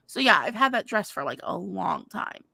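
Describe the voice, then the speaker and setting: A woman's voice: medium pitch, big pitch swings, normal speed, gravelly, pushed and bright, breathy edge, no echo. A woman co-hosting a podcast in casual chat, chatty, laughing often and trailing off mid-sentence. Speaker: podcast co-host.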